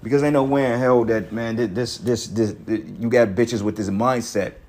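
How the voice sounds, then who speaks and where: A man's voice: mid-range voice, fairly even intonation, moderate pace, darkish tone. A man commentating on a video clip in an angry, profane rant, emphatic and full of restarts. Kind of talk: heated reaction rant.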